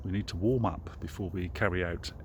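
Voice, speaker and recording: A man's voice: low voice, steady tone, noisy background. A man with a British English accent teaching running vocabulary outdoors at a track, in simple phrases with fillers. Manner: halting, many fillers, clear simple phrases. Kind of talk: slow spoken vocabulary lesson with commentary.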